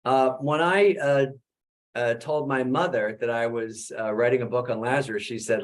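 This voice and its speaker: A middle-aged man, a Jesuit priest, giving a conversational webinar talk about his book, full of "uh" fillers and animated questions. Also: mid-range voice, moderate pace.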